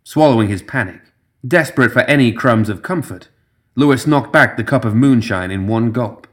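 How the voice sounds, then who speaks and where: Man narrating a dark fantasy story. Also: medium pitch, moderate pace. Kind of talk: scripted narration.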